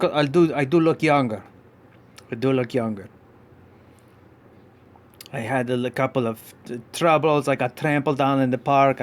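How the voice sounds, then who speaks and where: A man voicing a goofy male dinosaur puppet pup who hosts a live podcast, talking in a vague put-on foreign accent, rambling with many halting restarts. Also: mid-range voice, lightly acted. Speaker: podcast host. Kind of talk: live podcast character act.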